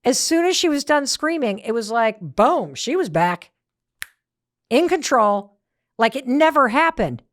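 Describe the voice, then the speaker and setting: A woman's voice: a little high, sing-song, a little slow, no room sound, clean studio sound. A middle-aged woman hosting a motivational podcast, telling a story with emphatic, punchy repetition. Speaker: host.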